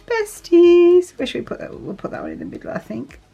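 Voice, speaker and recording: Brief: woman vlogger, friendly chatter while decorating a planner, mid pitch, asks viewers questions. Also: wildly swooping pitch, rapid-fire, gravelly, breathy edge, highs cut off. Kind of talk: casual chat while journaling.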